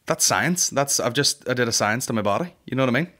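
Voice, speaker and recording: A man's voice: medium pitch, animated, quick pace, bright, forceful tone. A man in his thirties hosting a comedy podcast, rambling and swearing in a boisterous casual monologue. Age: 30s. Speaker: podcast host.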